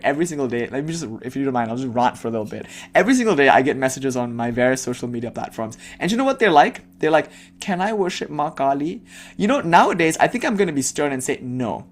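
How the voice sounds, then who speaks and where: A man acting as a spiritual teacher begins a devotional talk that turns into a blunt, passionate rant. He curses freely and mocks the people he imagines asking him questions. His voice is a little high.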